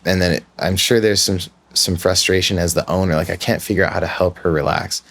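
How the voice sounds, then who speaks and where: Low-voiced man telling a candid story. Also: fairly even intonation, a little fast, gravelly, a bit bright. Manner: candid, rambling, self-reflective. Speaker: podcast host. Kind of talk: casual storytelling.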